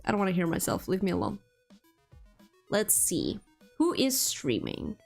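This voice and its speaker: A woman's voice: mid-range voice, wildly swooping pitch, moderate pace, gravelly, pauses often, a little mellow, soft background music. A woman with a non-native English accent, chatting casually with viewers on a live stream, giggling often. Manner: chatty, giggly, answers chat. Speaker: VTuber streamer.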